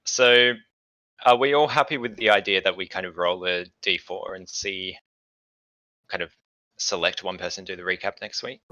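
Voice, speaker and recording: A man running a tabletop game as game master, explaining things in a relaxed way with fillers. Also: low-pitched, moderate pace, no room sound, muffled recording.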